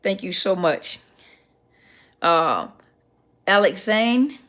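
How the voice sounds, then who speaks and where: A woman's voice: mid-range voice, animated, very slow, a bit bright. A middle-aged woman, a counselor, hosting a casual livestream Q&A, chatty and greeting viewers by name as she reads their comments.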